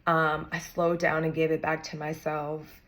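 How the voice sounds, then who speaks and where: Young woman vlogger, earnest and encouraging, casual slang, voice a bit low. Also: completely flat delivery, unhurried, a bit bright. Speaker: vlogger sharing a personal story. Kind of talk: heartfelt talk to camera.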